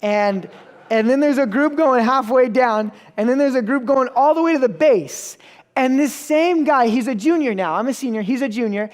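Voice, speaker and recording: A man's voice: extremely high pitch, normal speed. A young man giving a sermon, telling a story casually with self-mocking asides. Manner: casual and self-mocking, acts out the people in his stories. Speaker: preacher.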